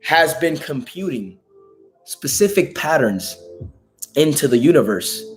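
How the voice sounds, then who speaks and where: Hoarse male motivational host, raspy and emphatic, faint background music. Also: on the high side, big pitch swings, unhurried. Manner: emphatic, profane, preachy. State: hoarse from a lost voice. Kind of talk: live motivational talk.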